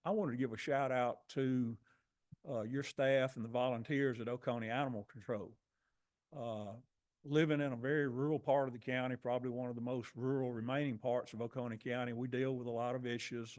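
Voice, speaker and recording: A man's voice: medium pitch, darkish tone. A rural resident speaking plainly to county commissioners during public comment, telling his story conversationally. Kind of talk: public comment at a town hall.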